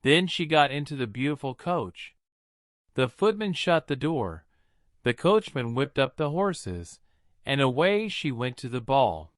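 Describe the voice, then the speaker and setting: A man narrating a fairy tale in an expressive storybook style. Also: medium pitch, unhurried, no echo, studio quality. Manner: expressive, lilting delivery.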